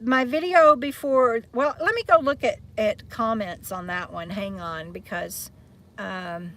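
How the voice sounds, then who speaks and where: Woman vlogger, casual live-stream chat outdoors, rambling and giggly, voice sits a touch high. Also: a little slow, fairly bright tone. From Texas. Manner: chatty, rambling, laughs often. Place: outdoors in the shade beside an RV.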